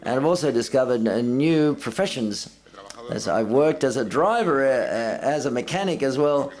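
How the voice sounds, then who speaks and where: A man's voice: mid-range voice, lively intonation, normal speed, a little mellow. A man giving simultaneous interpretation at a film festival press conference, relaying each speaker in the first person and lifting his voice for quoted lines.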